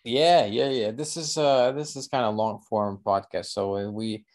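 A man hosting a long-form interview podcast, asking halting, searching questions. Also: fairly low pitch, fairly even intonation, darkish tone. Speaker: podcast host. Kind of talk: casual interview talk.

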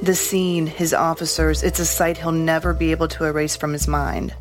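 A woman narrating a news story in a measured, scripted way. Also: deep voice, little pitch movement, soft background music.

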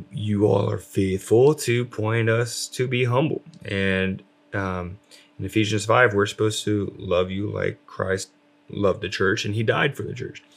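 Guy with a gravelly voice, casual faith chat, lots of ums. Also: lowish voice. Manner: rambling, many fillers, self-described loud.

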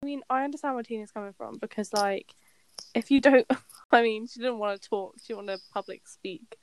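A woman's voice: a little high, a little fast, a little hiss or hum. A young woman co-hosting a casual chat, reasoning through a point in a thoughtful way. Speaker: podcast co-host. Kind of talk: casual chat reviewing a TV episode.

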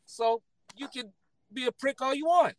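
A man from the United States arguing loudly, combative and repetitive, swearing as he talks over the other speaker. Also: very high voice, moderate pace. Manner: loud, combative, repetitive, profane. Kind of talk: heated argument.

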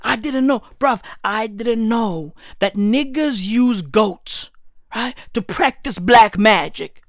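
A woman delivering a loud, profane comedic rant that keeps breaking into shouts. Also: a little high, slow pace, no room sound, studio quality. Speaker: vlogger.

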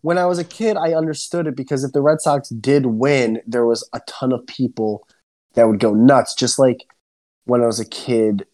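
A man's voice: medium pitch, normal speed. Young man ranting in casual podcast talk. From Central New Jersey. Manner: animated, swears a lot, ranting. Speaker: podcast co-host. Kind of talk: casual chat.

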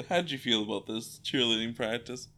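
A man's voice: mid-range voice, moderate pace, bright, forceful tone. A man co-hosting a casual rewatch podcast, laughing often and swearing freely. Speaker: podcast co-host.

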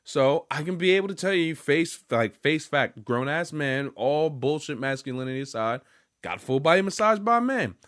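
A man's voice: on the high side, lively intonation, moderate pace, a bit bright, no echo, clean studio sound. A young man telling a story to the camera in a loose, rambling, profane way, full of restarts and fillers. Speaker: vlogger. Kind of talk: casual storytelling monologue.

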